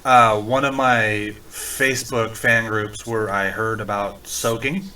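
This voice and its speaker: A man's voice: lowish voice, fairly even intonation, slow pace, sharp tone, distant mic, a little hiss or hum, poor audio. A man co-hosting a podcast, dropping dry, teasing quips. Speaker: podcast co-host. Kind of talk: casual chat.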